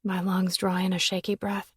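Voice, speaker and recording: A woman's voice: mid-range voice, monotone, moderate pace, slightly rough, no echo, studio quality. Intimate woman reading a romance audiobook. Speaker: audiobook narrator. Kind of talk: first-person romance audiobook narration.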